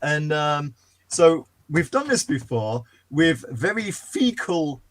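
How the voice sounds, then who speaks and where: A man hosting a casual podcast chat, playful and quick to laugh, talking over a video call. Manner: playful, laughs often, lively pitch. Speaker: podcast host.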